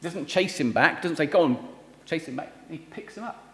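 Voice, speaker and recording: A man preaching a sermon and leading prayer, earnest and pleading, often dropping to a soft voice on key words. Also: fairly high pitch, animated, normal speed. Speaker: visiting preacher. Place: church hall. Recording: reverberant hall.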